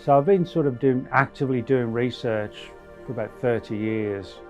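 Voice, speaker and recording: A man in a reflective interview, speaking thoughtfully and haltingly with fillers. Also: mid-range voice, dull audio, soft background music. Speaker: interviewee, researcher.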